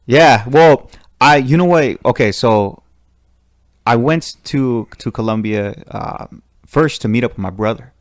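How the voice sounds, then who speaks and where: Teacher guy on a podcast, lively and jokey, middle pitch, dry close sound. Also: a little slow, no echo. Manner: animated, laughing, jokes in put-on voices. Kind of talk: casual chat.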